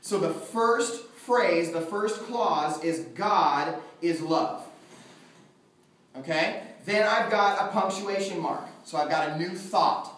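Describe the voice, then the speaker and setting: A man's voice: sits high, slow pace, a bit bright. A man teaching a Greek class, lecturing and often checking in with his students. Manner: questioning students, checking in with "okay?". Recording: echoey classroom, mic far off.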